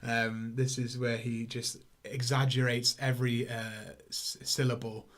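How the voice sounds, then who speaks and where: A man's voice: medium pitch, little pitch movement, measured pace. A man hosting a casual film review podcast, talking in a rambling, stop-start way. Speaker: podcast host.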